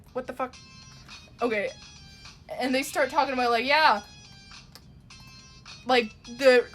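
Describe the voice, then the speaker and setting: A woman's voice: a little high, a bit bright. A young woman from Ontario with a Toronto Canadian accent, chatting casually and rambling with swearing while she draws on a live stream.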